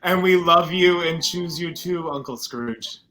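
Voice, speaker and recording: An actor playing a kindly, cheerful nephew in a comic holiday play, gentle and amused. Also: male voice, fairly high pitch, unhurried. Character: warm-hearted young nephew Fred.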